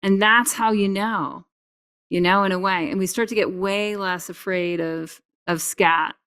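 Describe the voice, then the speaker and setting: A woman guest on a podcast, chatting casually with lively, jokey enthusiasm. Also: medium pitch, unhurried, smooth.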